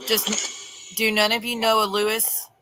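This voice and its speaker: A woman's voice: medium pitch, level tone, measured pace, sharp tone, long reverb tail, low-quality recording. A woman hosting a paranormal livestream, chatting casually and passing along what she hears from spirits to her viewers. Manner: chatty, relays spirit messages to viewers, addresses them as y'all.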